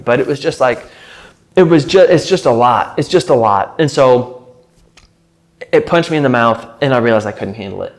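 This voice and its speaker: A man vlogs casually to camera from a rented house, his medium-pitched voice animated and moving at a normal pace. He rambles along, saying "like" constantly.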